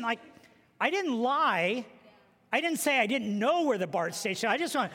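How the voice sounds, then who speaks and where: A man preaching a sermon as pastor, telling stories with humor and animated delivery. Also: extremely high pitch, moderate pace. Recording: long reverb of a large hall.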